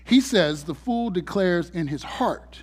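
A man's voice: high voice, expressive, measured pace, husky. A male pastor delivering a sermon in a conversational, humorous storytelling manner.

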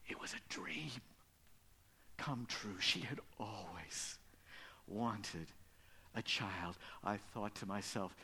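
A man preaching a sermon as pastor, telling stories and dropping from loud emphasis to hushed whispers. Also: lowish voice, slow pace, pauses often, slightly rough. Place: church.

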